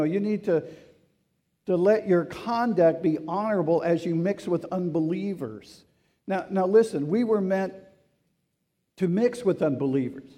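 High, mellow-voiced male pastor preaching. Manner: conversational preaching with rhetorical questions; earnest and urging. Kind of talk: sermon.

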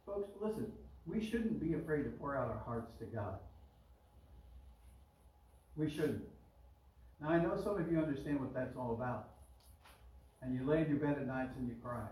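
A man's voice: mid-range voice, animated, normal speed, long pauses, darkish tone. A man preaching a sermon as pastor, in a chatty way, pushing his voice up on the words he stresses. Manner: conversational preaching, rising emphatic on key words. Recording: roomy echo, mic at a distance.

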